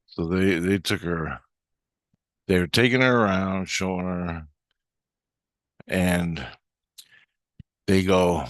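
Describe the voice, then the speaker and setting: Low-voiced man rambling through a story. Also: fairly even intonation, takes it slowly, pauses often, no echo, studio quality. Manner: rambling, with frequent restarts and fillers. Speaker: vlogger. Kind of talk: casual storytelling monologue.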